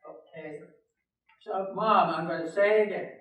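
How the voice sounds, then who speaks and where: Older guy doing a worn-out son placating his mom, high voice for a man, slow, echoey and far off. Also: a bit bright. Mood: exasperated. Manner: flustered, pleading. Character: grown son, exasperated and placating. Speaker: amateur skit performer. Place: senior center hall.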